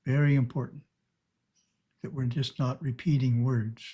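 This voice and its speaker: A man giving a calm, measured spiritual teaching talk over a video call. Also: medium pitch, slightly rough.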